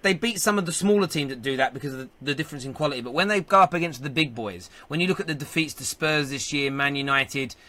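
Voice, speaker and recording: A man hosting a live football fan show, talking fast and excitably. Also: on the high side. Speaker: host.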